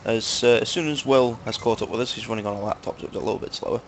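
A man's voice: on the low side, racing, a little hiss or hum. A young man with a Manchester accent giving casual, joking gameplay commentary with friends, full of fillers. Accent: Manchester English. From England, Manchester. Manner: chatty, crude joking, lots of fillers. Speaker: gaming video host.

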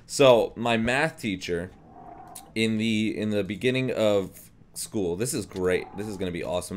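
Young male gameplay commentator, low voice, rambling and jokey. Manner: rambling and jokey, with frequent restarts.

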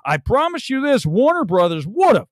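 A man's voice: very high-pitched, moderate pace, dry recording. A male host ranting about a movie on a live stream, mocking it and laughing often as he talks. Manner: animated, mocking, laughs a lot while ranting.

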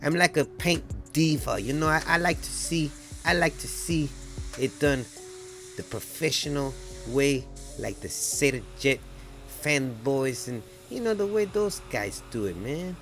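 A man's voice: on the high side, expressive, measured pace, a bit bright, faint music behind, pitched above the performer's own voice. A man voicing an irate male viewer who heckles a painter with swearing and mock outrage. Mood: grumbling.

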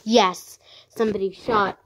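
A woman narrating her online game as she plays, excitable and easily frightened, giving running commentary. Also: medium pitch, measured pace. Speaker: gaming channel host. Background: dogs barking sometimes.

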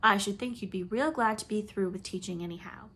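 A woman voicing a calm young mother who speaks with gentle, knowing assurance. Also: medium pitch, a little fast, breathy edge. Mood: assured.

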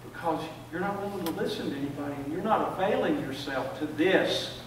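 An older pastor's fairly high-pitched voice moves briskly through a sermon in a church sanctuary. He tells stories, repeating words as he builds toward his point. The capture is distant and echoey, with slight background noise.

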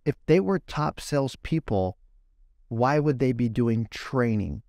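A middle-aged guest sales coach speaks at a measured pace in a medium-pitched, darkish voice with lively intonation, recorded cleanly in a studio with no echo. He tells anecdotes, fires off rhetorical questions and acts out the other side of conversations in quoted voices.

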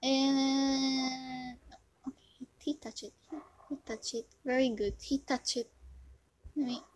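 A woman casually commentating her own gameplay, excitable, with loud yelps and muttered whispers. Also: high voice, slow pace, poor audio. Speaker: gamer commentating her play.

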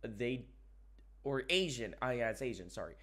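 A young adult man giving excitable, chatty game commentary and reading dialogue aloud. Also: mid-range voice, normal speed. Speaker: gamer. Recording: clear background noise.

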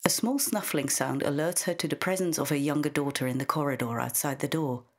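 A woman reading a short story aloud in a measured, intimate narrating manner. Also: low voice. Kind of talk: scripted narration.

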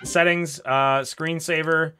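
A man streaming a game, talking casually to his chat and to a friend, excitable and profane, swinging from loud outbursts to low mutters. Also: takes it slowly, clear, resonant tone. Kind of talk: casual gaming commentary. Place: home streaming setup with green screen.

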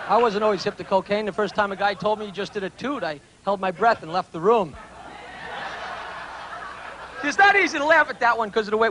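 A man rattles off dirty jokes one after another on a club stage and chuckles at his own punchlines. His voice is very high and sharply bright, with faint hiss underneath. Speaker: stand-up comedian. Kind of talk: rapid-fire dirty jokes.

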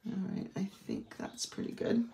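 This craft tutorial features a middle-aged woman with a Maine accent who demonstrates a technique chattily, drifting into rambling asides. Her tone is dark and her pace moderate, with a roomy echo around her.

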